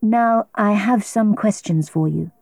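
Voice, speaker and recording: A woman voicing a cool, probing male police inspector in a storybook reading, asking measured, clipped questions. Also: mid-range voice, gravelly, darkish tone, no room sound.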